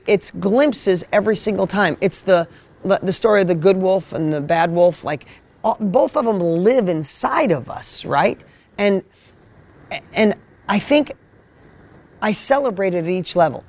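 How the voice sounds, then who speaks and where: A man telling his story on a motivational panel, energetic and full of repeated words. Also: sits high. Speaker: business coach.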